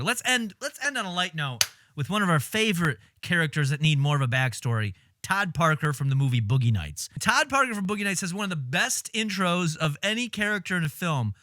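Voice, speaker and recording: Man, streamer, casual commentary, lively swinging delivery, dry close mic. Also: a little high, dry recording. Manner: animated, exasperated, swearing, laughing at his own jokes. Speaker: streamer reacting to film clips.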